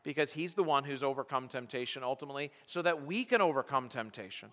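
Male pastor, sermon delivery, forceful, bright tone, long hall reverb. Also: medium pitch, lively intonation, fast, hardly any pauses. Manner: preaching with rising, emphatic bursts.

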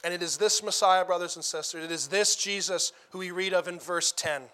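Male preacher, high bright voice, emphatic sermon delivery with repeated phrases. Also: fairly quick. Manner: emphatic, repeats phrases for stress, rising to loud declarations.

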